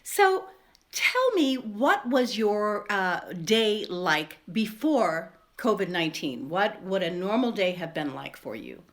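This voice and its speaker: A woman's voice: mid-range voice, very animated, slow pace, a bit bright. A woman hosting a podcast interview, enthusiastic and effusive with her guest. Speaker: podcast host.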